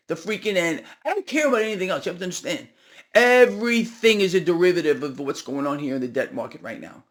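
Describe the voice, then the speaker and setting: A man hosting a market commentary video, talking straight to his viewers in a casual, animated and sarcastic way. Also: high voice, brisk.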